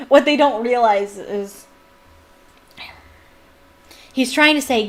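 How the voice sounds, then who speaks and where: A woman reading a novel aloud as a devoted fan. She stops now and then for enthusiastic, chatty asides. Her voice sits at a medium pitch. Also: unhurried, pauses often, poor audio.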